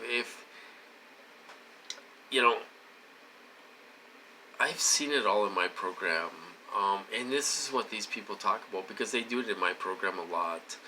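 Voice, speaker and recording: A man's voice: fairly low pitch, sharp tone, slight background noise, rough recording. A middle-aged man talking into his phone to his viewers in a rambling, insistent monologue, repeating himself with agitation. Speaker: vlogger.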